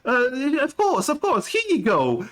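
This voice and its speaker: A man voicing a fawning female warrior prisoner, shrill and overeager. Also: huge pitch swings, a little slow, fairly bright tone, full character voice. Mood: eager.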